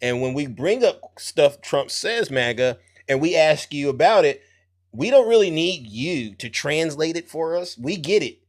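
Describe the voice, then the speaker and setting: A man hosting a live political commentary stream, talking in a mocking, emphatic way and answering clips with quick interjections. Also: on the high side, sing-song. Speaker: host.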